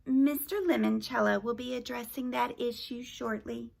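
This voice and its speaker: A woman voicing a soft, motherly female hologram librarian who speaks in a slow, prim, mechanical way. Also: fairly high pitch, steady tone, creaky, voice pushed up. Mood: prim, polite.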